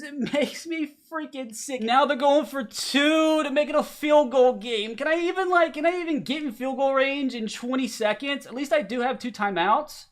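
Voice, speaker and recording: Young man, gameplay commentary, loud outbursts then grumbling, faint music behind. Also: very high-pitched, moderate pace, few pauses. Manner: swings between loud outbursts and frustrated muttering; talks to viewers as "fellas". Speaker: gaming channel host.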